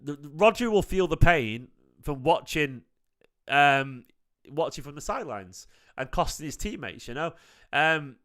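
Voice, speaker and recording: A man in his late thirties hosts a reaction stream, chatting to his viewers in a bright, slightly high voice. He is casual and somewhat defensive, and he keeps calling people mate. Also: lively intonation, measured pace. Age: 30s. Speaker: fan channel host. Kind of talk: casual reaction talk to live chat.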